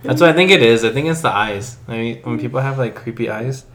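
A woman's voice: a bass voice, fast talker. A woman co-hosting a casual podcast, chatting and reading online posts aloud. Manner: chatty, reads out online comments. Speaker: podcast co-host.

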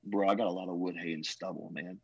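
A man who is a pastor telling his life story in an emotional, earnest way, with a husky voice. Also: low-pitched, fairly even intonation, fast, dry recording, lo-fi sound. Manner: emotional, earnest, says "man" and "bro" often. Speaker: pastor, podcast guest. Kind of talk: testimony storytelling.

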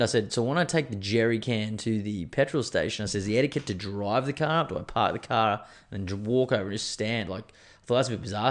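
An Australian man in his thirties, hosting a podcast in a rambling, crude, self-mocking solo chat full of swearing. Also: mid-range voice. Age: 30s. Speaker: podcast host.

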